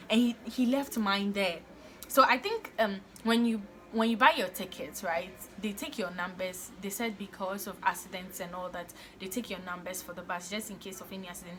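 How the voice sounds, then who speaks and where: A young woman tells a personal story in a casual vlog, animated and exasperated, with lots of fillers. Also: mid-range voice, slight background noise. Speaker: vlogger.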